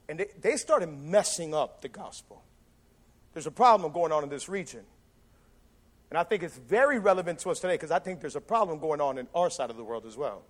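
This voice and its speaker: Man, pastor, high voice, casual animated sermon, acts out quotes.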